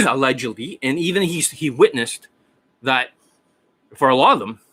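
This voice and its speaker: A hoarse man lecturing his viewers as a dating coach, profane and combative, firing off rhetorical questions. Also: mid-range voice, lively intonation, moderate pace, bright, forceful tone. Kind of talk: ranting monologue to viewers.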